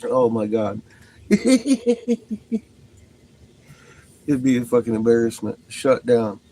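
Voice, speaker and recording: Man, home livestreamer, relaxed and slow-talking, loose and profane, chatting with viewers and his dog. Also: mid-range voice, slight background noise, poor audio. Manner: laughs often, swears, banters with his dog. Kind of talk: casual livestream chat.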